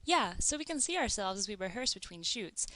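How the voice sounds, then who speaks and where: Woman reading upset teary guy in an audiobook, flat even read, mid pitch. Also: brisk, no room sound. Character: distraught adult man, tearful and shaken.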